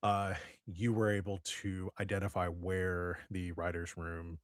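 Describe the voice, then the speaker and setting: Man, very low voice, game master, halting narration, dry recording. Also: little pitch movement, no echo. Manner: halting, full of fillers. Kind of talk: narrating a tabletop role-playing game.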